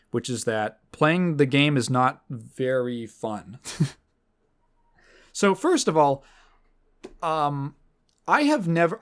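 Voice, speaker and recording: A man hosting a podcast in casual chat, rambling and sardonic, swearing freely with lots of fillers and restarts. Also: mid-range voice. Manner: fillers and restarts, mocking quoted voices. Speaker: podcast host.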